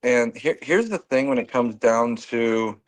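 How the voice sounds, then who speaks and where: A man hosting a casual political chat, talking in an animated way and jumping up in pitch when he jokes. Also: unhurried. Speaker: host.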